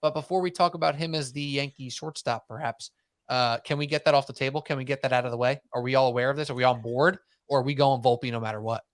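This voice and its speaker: A man hosting a sports podcast in casual chat, talking in animated, rambling runs and mocking himself. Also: medium pitch, fast, no echo, clean studio sound. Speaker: podcast host.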